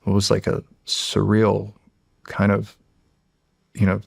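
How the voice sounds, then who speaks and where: Male, 40s, podcast guest. Low and gravelly, rambling storyteller who restarts a lot, dry studio sound. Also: completely flat delivery, slow, dry recording. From United States. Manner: rambling and emotional, with many restarts. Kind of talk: casual storytelling.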